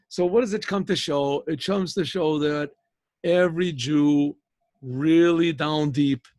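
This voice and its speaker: An older man, a rabbi, telling a rambling, animated story over a video call. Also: fairly high pitch, dry recording.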